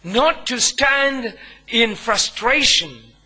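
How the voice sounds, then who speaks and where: Pastor guy preaching slow, bright clear tone, leans hard on words. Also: very high-pitched, lively intonation, rough recording. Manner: emphatic preaching with long pauses between phrases. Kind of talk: sermon.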